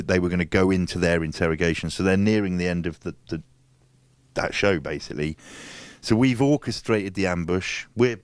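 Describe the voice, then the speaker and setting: A man's voice: low voice, no echo. A man telling a story in casual chat. He swears freely and acts out other people's lines. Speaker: guest.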